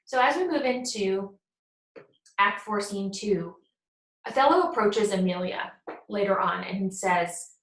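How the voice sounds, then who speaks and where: A woman's voice: mid-range voice, unhurried. Woman casually retelling a play, echoey room. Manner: retells scenes, acting out quotes in paraphrase. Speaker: teacher. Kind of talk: casual plot summary lecture.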